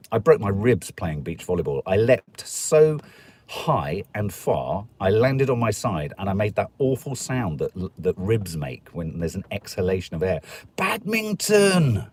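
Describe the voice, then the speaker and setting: This Stoke-on-Trent host, a middle-aged man from England, speaks in a fairly low, slightly mellow voice. Chatting casually on his live stream, he rambles, cracks jokes, reads viewer comments aloud, and mimics the voices of anyone he quotes.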